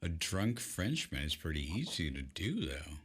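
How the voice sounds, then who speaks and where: A man reacting on a live stream with slow, laughing comments. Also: sits low, very animated, a bit bright, breathy edge. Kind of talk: casual comedic banter.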